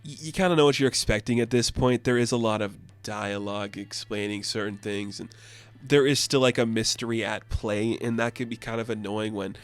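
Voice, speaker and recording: A man giving a loose, joking recap of a comic book, tossing off quick asides. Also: on the low side, steady tone, dry recording. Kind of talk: casual comic review.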